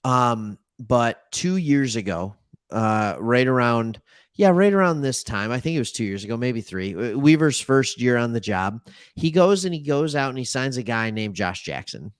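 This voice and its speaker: A man hosts a casual sports talk show in an easy, rambling way. He corrects himself often and throws in animated asides. His voice sits at a middle pitch and is recorded dry and close. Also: moderate pace, clean tone, dry recording. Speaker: sports podcast host.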